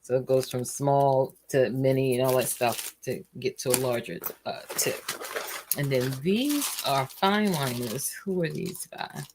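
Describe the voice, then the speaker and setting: A woman hosting a relaxed livestream at home, chatting casually with lots of fillers, tired and yawning. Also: a bass voice, unhurried, background noise. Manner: rambling and chatty, trails off with fillers. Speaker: host of a relaxing stream.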